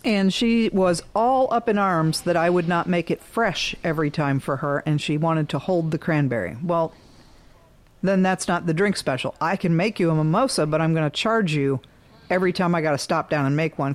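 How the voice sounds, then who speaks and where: A woman who works as a realtor and bartender, chatting casually and telling a story in a blunt, animated way, clearing her throat now and then. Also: sits low, normal speed.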